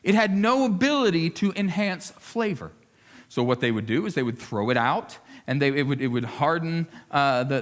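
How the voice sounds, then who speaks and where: A male lead pastor preaching a sermon, swinging between loud emphasis and hushed appeals, often repeating words as he gathers his thoughts. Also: fairly high pitch.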